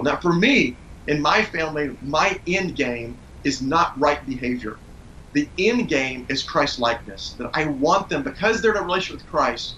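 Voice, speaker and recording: Earnest man giving calm parenting advice. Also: on the high side, a little hiss or hum, poor audio. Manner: earnest, calm storytelling with steady explanation. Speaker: parenting guest. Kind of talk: conversational interview advice.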